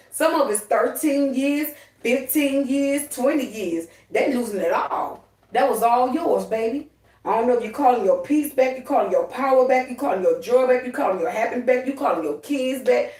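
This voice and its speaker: A woman's voice: a little high, a little mellow, distant mic. A woman rants heatedly on a spiritual livestream, profane and preachy. Her voice sits a little back from the mic in an echoey room. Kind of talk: casual spiritual livestream talk.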